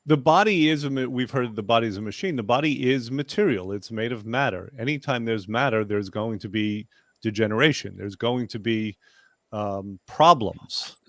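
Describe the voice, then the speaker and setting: A man's voice: mid-range voice, no room sound. Dry-sounding male talk host. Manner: storytelling, drawn-out emphasis. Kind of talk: casual panel chat.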